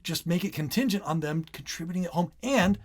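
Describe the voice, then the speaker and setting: On a laid-back parenting podcast, a middle-aged co-host speaks in a high, lively voice. He's animated and keeps acting out his children's lines in quick quoted snippets.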